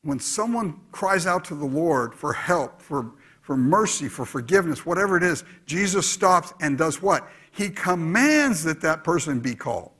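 A man preaching a sermon, dropping to quiet asides and rising to loud exhortation. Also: a little high, big pitch swings, moderate pace, slightly rough. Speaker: pastor.

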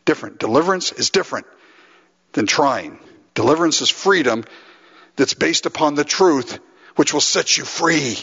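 A man's voice: fairly high pitch, expressive, moderate pace, fairly bright tone, slightly rough. A man from Los Angeles preaching a sermon as a pastor, acting out prayers and chuckling often. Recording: lo-fi with long hall reverb.

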